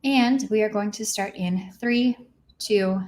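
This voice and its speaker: A young woman talks casually into her computer mic from her apartment, hosting a livestream. She is chatty and reads viewer comments aloud. Her energy is low and she sounds a little tired. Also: slow, darkish tone. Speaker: livestream host.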